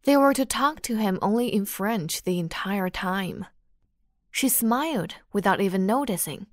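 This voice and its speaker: A woman narrating an audiobook romance in a measured storytelling manner. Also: medium pitch, animated, no echo, clean studio sound. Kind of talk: scripted narration.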